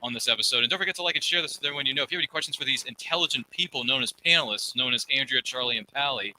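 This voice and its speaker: Male panel host, quick lively delivery, bright tense tone, jokey tangents. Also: medium pitch, slight background noise, poor audio. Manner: rambling, jokey, goes off on tangents. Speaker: podcast host. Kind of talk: casual panel chat.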